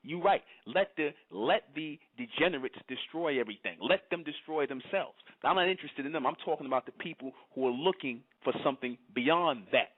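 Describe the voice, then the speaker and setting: This man's voice is a little high and expressive, moving briskly with few pauses as he lectures his channel's chat. He repeats himself and fires off rhetorical questions, and the echo-free audio is tinny and phone-like.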